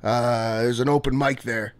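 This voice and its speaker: A man's voice: medium pitch, fairly even intonation, measured pace, lightly acted. An actor playing a clueless young stand-up comic who rambles eagerly through his act as a radio guest. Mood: eager, rambling. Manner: rambling, eager, laughs at his own jokes. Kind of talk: comedy sketch acting. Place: radio studio.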